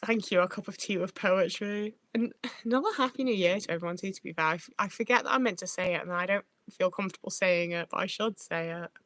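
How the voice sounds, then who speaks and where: A woman's voice: medium pitch, fast talker, fairly bright tone, no echo. A young woman from the north of England, chatting bluntly and swearing freely as she reads out comments on her livestream. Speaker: livestream host. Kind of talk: casual livestream chat reading comments.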